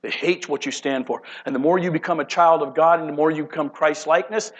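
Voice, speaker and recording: A man preaching a sermon dramatically, shifting between loud outbursts and hushed, low passages. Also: brisk, few pauses, poor audio. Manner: dramatic, acts out voices of God and angels, swings from loud to hushed. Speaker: pastor.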